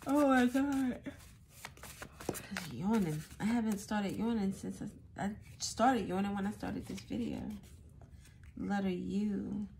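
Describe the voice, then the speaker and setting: A woman giving a casual tarot reading, thinking out loud as she goes. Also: mid-range voice, takes it slowly, gravelly, pauses often, a little hiss or hum. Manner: musing aloud, thinking out loud. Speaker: tarot reader.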